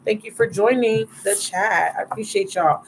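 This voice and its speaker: A woman gives tarot readings on a live stream, chatty and affectionate, calling her viewers baby and love. Her voice sits at an ordinary pitch, with a faint hiss of noise behind it. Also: moderate pace, rough recording.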